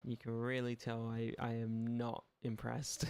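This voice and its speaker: Gravelly, flat-toned Irish streamer guy. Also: medium pitch, unhurried, dry recording. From Ireland. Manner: rambling, sweary, dry sarcasm. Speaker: livestream gaming host. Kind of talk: casual live-stream chat.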